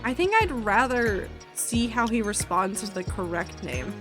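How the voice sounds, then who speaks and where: A woman's voice: medium pitch, a little slow, music in the background. A young woman streamer giving casual, musing commentary while she plays. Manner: musing, chatty.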